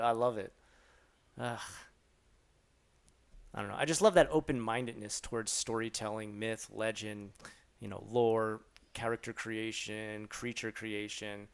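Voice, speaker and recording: A Florida man in his thirties or forties runs a casual live Q&A, rambling through stories and cursing freely as he answers questions. His voice is medium in pitch and he talks fairly quickly.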